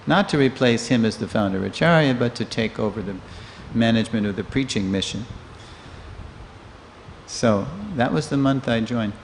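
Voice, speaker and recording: A man in his sixties giving a storytelling scripture class in a temple, a lively teller who acts out the people he quotes. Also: medium pitch, moderate pace. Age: 60s. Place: temple hall. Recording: long reverb of a hall, faint noise.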